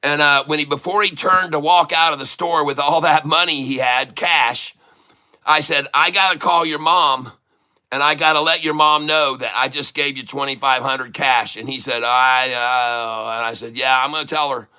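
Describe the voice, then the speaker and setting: A man's voice: fairly high pitch, fairly even intonation, moderate pace, bright, forceful tone, clear, resonant tone. A man hosting a day-trading livestream who chats casually and tells rambling stories full of restarts. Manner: rambling, chatty anecdote telling with many restarts. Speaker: livestream day trader and channel host.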